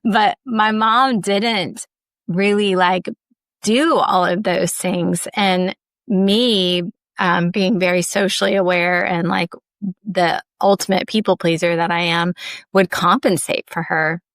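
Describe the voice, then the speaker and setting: A woman's voice: lowish voice, fairly even intonation, takes it slowly, a bit bright, no echo, clean studio sound. A woman from Ohio hosting a podcast, sharing personal stories candidly, often saying "like" and laughing lightly. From Ohio, USA. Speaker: podcast host. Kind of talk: reflective personal storytelling.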